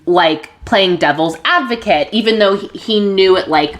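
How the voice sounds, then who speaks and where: A woman podcast host candidly telling a personal story, open and emotional, with restarts and soft laughs. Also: medium pitch, moderate pace.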